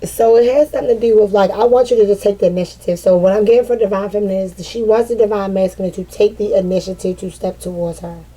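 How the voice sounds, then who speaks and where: A woman giving a casual, animated tarot reading, swearing freely and breaking into sassy asides as she voices the cards. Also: mid-range voice, fast talker, few pauses, husky, low-quality recording. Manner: chatty and animated, swears freely and laughs often. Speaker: tarot card reader.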